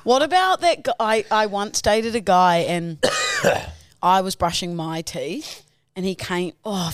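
A woman's voice: medium pitch, slow pace, no room sound. A young adult woman, co-hosting a casual podcast, teasing and laughing often. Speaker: podcast co-host. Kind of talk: casual chat.

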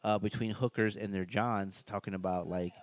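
A man's voice: fairly low pitch, fairly even intonation, moderate pace. A man co-hosting a podcast, chatting casually about a show they are watching and laughing often. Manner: laid-back, laughs often, acts out quotes. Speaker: podcast co-host. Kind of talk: casual reaction chat.

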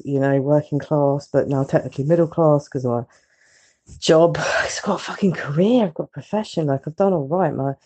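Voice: mid-range voice, dark tone. Nervous, sweary caller. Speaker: listener calling in. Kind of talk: recorded voice message.

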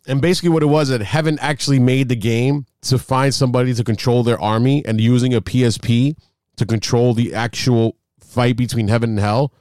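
A man co-hosts a casual sports talk show, rambling excitably through stories and stacking fillers as he goes. His voice sits at a middle pitch. The recording is close and dry. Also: a little fast, no room sound. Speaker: podcast co-host.

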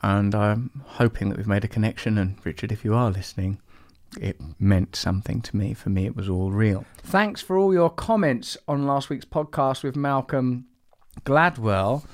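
A man's voice: on the low side, normal speed, no room sound, studio quality. A man hosting his podcast, reading listener comments in a playful, rambling, mock-romantic way that trails off into self-corrections. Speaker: podcast host.

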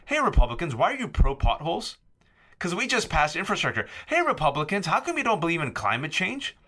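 Male podcast guest host, combative and emphatic, animated bright delivery. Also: fairly high pitch, a little fast. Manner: combative, rhetorical questions, emphatic. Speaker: guest host, political columnist. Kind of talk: heated political podcast discussion.

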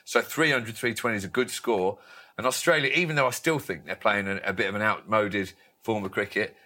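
A man's voice: lowish voice, brisk, bright, forceful tone. A man, a former cricketer co-hosting a podcast, giving opinionated, jokey takes in casual chat.

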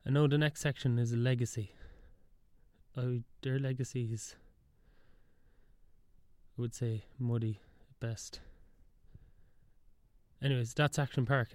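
A young man talks in a loose solo monologue, drifting between thoughts and cutting himself off mid-sentence with a wry edge. His voice is mellow and dark. The sound is dry and close. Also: medium pitch, no echo. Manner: rambling, wry, self-interrupting. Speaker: podcast host.

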